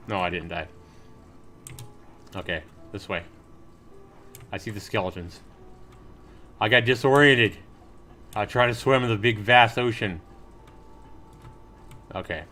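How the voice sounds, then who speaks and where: A man's voice: on the low side, a little slow, pauses often, bright, forceful tone, slight background noise. A man live-streaming a game, reading on-screen text aloud and chatting casually with viewers as he plays. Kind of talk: live gameplay commentary.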